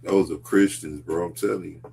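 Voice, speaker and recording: A man hosting a casual talk show about faith, speaking earnestly and deliberately. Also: low-pitched, fairly even intonation, creaky, darkish tone, faint music behind. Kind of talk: casual religious discussion.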